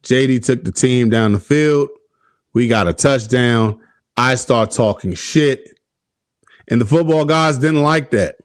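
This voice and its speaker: The sports podcast host, a man of medium pitch, speaks a little slowly on a studio-quality, echo-free recording. His casual show features heavy profanity, exasperated ranting and laughter at his own frustration.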